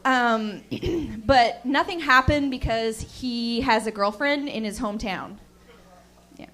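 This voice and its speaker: High-voiced woman doing deadpan stand-up. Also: slow pace. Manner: dry, deadpan asides to the crowd. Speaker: stand-up comedian. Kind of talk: stand-up set.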